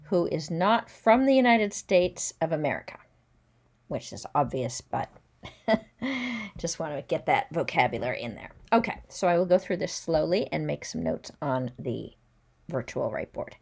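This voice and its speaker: A woman teacher giving a careful pronunciation lesson. She says each French word slowly and distinctly, then explains it in plain English. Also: low voice, big pitch swings, darkish tone. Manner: sounds out French words slowly and clearly, then explains them. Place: recording at home or in a classroom with a virtual whiteboard.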